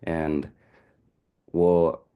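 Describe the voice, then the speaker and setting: A young man in his twenties speaks in a low voice on a video call. His words come slowly and haltingly, thoughtful, with many small pauses and "um"s. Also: flat delivery, clear, resonant tone, narrow, tinny audio. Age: 20s. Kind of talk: candid personal sharing.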